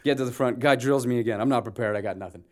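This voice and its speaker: A man in his forties from Canada, a guest telling an animated story of his start as an actor and acting out the dialogue as he goes. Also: mid-range voice, racing. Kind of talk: casual storytelling interview.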